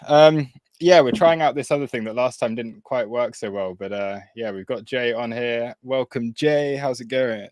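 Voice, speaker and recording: A man's voice: mid-range voice, normal speed, darkish tone, no echo. A British man hosting a casual live stream, chatty, laughing often and restarting his sentences. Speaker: stream host.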